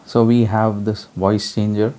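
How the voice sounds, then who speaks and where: Man, low voice, warm dark tone, casual gear review, relaxed explaining. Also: a little slow. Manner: relaxed, explanatory, many fillers. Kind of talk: hands-on product demo.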